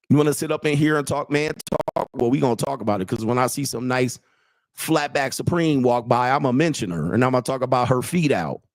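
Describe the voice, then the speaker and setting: Reading chat on his livestream, a man in his late forties riffs crudely and bluntly, mocking his listeners and laughing at his own jokes. The host and dating coach speaks at an ordinary middle pitch, and the sound is dry and close with no room around it.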